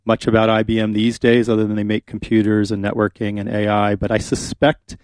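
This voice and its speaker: A man's voice: on the low side, completely flat delivery, brisk, a little mellow, clear, resonant tone, dry recording. A man hosting a radio talk show, chatting casually and rambling with many fillers from a studio.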